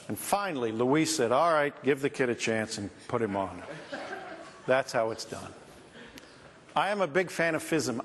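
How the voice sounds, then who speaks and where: A man hosting a conference, introducing the next performer with chatty, upbeat patter. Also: mid-range voice. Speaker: conference host introducing acts. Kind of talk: stage introduction. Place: large conference hall. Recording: long hall reverb with faint audience.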